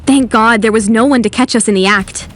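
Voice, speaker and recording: A woman's voice: on the high side, brisk, close to an everyday voice. Woman narrating as sarcastic teen schoolgirl. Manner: sarcastic, determined. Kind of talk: first-person animated story narration.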